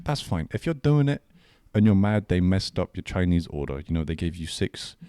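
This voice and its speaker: A man with a lowish voice talking on a podcast, recorded dry and close with almost no room sound. He delivers teasing jokes deadpan and keeps his tone even. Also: normal speed, clear, resonant tone, no room sound. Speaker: podcast co-host. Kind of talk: casual chat.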